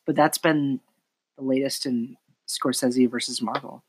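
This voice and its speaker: A man's voice: mid-range voice, steady tone, unhurried, a loud crowd. A man hosting a film podcast, talkative and opinionated, steering the conversation back on track. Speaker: podcast host. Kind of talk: casual film discussion.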